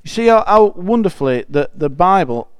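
High, smooth-voiced preacher. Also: male voice, sing-song, normal speed, dry recording. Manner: chatty and emphatic, with frequent restarts. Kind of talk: conversational sermon with scripture reading.

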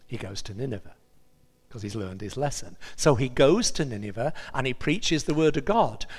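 Male preacher, sermon, animated storyteller, lively pitch, long hall reverb. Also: moderate pace. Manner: animated storytelling, acting out the characters' voices.

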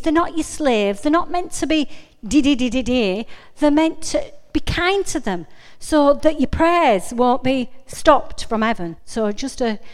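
A middle-aged woman giving an informal, earnest sermon, chatty and often breaking off to correct herself. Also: on the high side. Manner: chatty, self-interrupting, earnest. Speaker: preacher. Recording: long reverb of a hall.

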